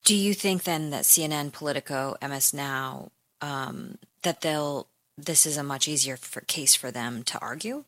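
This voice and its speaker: Female news host, deep-pitched and composed, dry studio sound. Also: moderate pace, a bit bright, dry recording. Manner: composed, questioning. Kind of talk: radio news interview.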